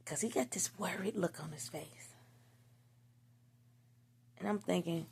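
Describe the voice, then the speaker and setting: A woman's voice: lowish voice, unhurried, long pauses, a little mellow, a little hiss or hum. A woman telling a personal story in a candid, profane, slang-heavy casual monologue.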